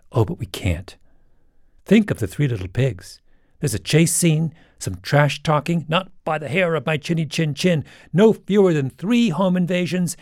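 A man's voice: medium pitch, darkish tone, no room sound, clean studio sound. A man hosting a podcast in wry, emphatic scripted narration. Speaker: podcast host.

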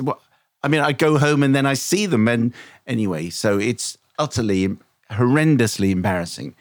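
A man's voice: medium pitch, expressive, normal speed, dry recording. A male co-host chatting loosely, with a wry, self-deprecating way of telling a story. His voice sounds worn and tired, as if about to give out. The recording is close and dry, with no room sound. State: voice tired and failing. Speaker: podcast co-host, radio presenter. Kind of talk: casual chat.

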